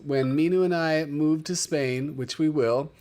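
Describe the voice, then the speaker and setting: A man's voice: a little high, measured pace, a little mellow. A man hosting a casual livestream, telling stories with open emotion and calling out his viewers by name. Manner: emotional, chatty storyteller who calls out viewers by name. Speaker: livestream host.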